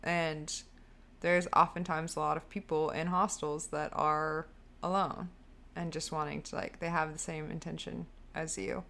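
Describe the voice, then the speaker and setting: Chatty woman with a lowish voice. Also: level tone, a little slow, gravelly, fairly bright tone. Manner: chatty, frequent "like" fillers and restarts. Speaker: podcast co-host. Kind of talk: casual chat.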